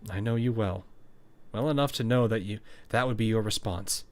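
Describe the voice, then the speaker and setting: A man's voice: lowish voice, background noise, voice pushed down, natural voice. A man reading as a cool, calculating schoolgirl strategist. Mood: cool, measured. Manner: measured, formal, quiet.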